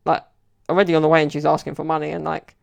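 A man rambles through a casual solo podcast story, leaning on lots of fillers. His voice has a gravelly fry, and his pitch stays flat and even. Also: rapid-fire. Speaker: podcast host.

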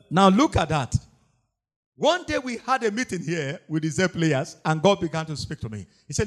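A man's voice: fairly high pitch, moderate pace. A man preaching a sermon, repeating lines and laughing often as he tells his stories. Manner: animated preaching with frequent laughter and repetition.

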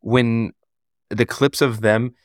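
A man's voice: mid-range voice, steady tone, takes it slowly, no echo, clean studio sound. A man co-hosting a podcast in casual chat, talking in a chatty, filler-heavy way and poking fun at himself. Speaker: podcast co-host.

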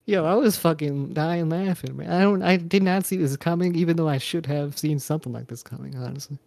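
A man's voice: fairly high pitch, fairly quick, vocal fry, darkish tone, dry recording, studio quality. A young man co-hosting a casual wrestling podcast, laid-back, laughing often and swearing freely. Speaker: podcast co-host.

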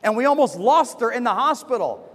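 A man, a pastor giving a sermon from the pulpit in fast, animated personal storytelling. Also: extremely high pitch, in a large hall. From United States. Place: church with a pulpit.

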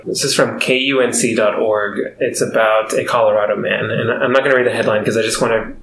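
A man's voice: fairly low pitch, steady tone, brisk, gravelly, fairly bright tone, reverberant, slight background noise, rough recording. A man hosting a casual comedy podcast, telling a story with lots of laughs and fillers. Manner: laughs often, rambling with fillers. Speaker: podcast host.

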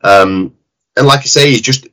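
A man's voice: medium pitch, normal speed, fairly bright tone, rough recording. A man with a Yorkshire accent, a jiu-jitsu head coach, talking bluntly and animatedly in a casual interview, with some swearing.

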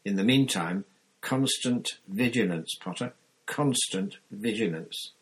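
Casting: gruff grizzled old wizard, growling, deep and husky, read by a man. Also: takes it slowly, low-quality recording.

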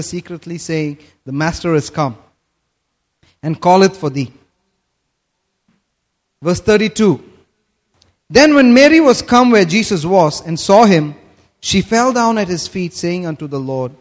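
A man preaching a sermon, reading scripture aloud and explaining it, building to emphatic phrases and making quick asides as he checks his notes. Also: high voice. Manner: slow, rising to emphatic bursts on key phrases; asides while looking up words in his notes.

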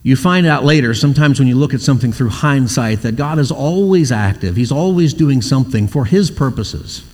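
A man preaching a sermon at a middle pitch, with the long reverb of a church hall around him. He tells stories and acts out the quoted voices in them. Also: expressive, a little fast, darkish tone. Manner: storytelling, acting out quoted voices. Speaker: pastor.

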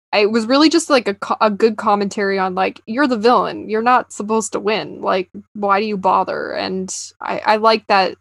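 A woman's voice: medium pitch, fairly bright tone, no room sound, clean studio sound. A young woman chatting enthusiastically about a TV series, with lots of fillers. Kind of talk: casual chat about a TV series.

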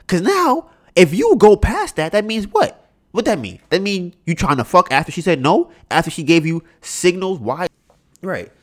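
A man hosting a podcast, telling stories in an animated, profane way and often asking "right?". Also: fairly high pitch. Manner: animated, profane storytelling with many rhetorical "right?"s. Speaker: podcast host. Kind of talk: casual chat.

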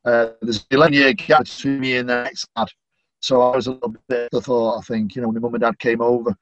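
A middle-aged Mancunian man talks in a relaxed, chatty way and leans on "you know" as he goes. His voice sits at an ordinary pitch. The recording is dry and a little muffled. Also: fast talker, no room sound. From Manchester, England. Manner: warm, chatty, lots of "you know" fillers. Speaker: stadium announcer, podcast guest. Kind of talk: casual interview chat.

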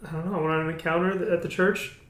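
A man's voice: on the high side, rapid-fire. A young man sharing his personal testimony in casual conversation, acting out his own past words as he tells it. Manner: animated storytelling, acts out his own past lines. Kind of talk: casual chat. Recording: roomy echo.

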